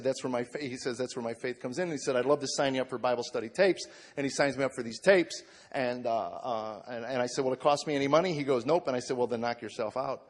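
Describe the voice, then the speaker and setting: A man in his forties telling a heartfelt personal story to a live audience, acting out what others said to him. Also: mid-range voice. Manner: earnest storytelling, acts out quoted voices. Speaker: comedian giving testimony. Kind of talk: spoken testimony to a live audience. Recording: long hall reverb.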